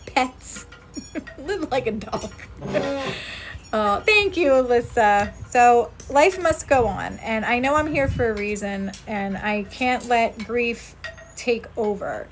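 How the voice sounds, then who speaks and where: Earnest lady medium on a phone livestream outside, bit high voice, faint outdoor hum. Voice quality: earnest, motivational, thanks viewers by name. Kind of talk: casual livestream chat.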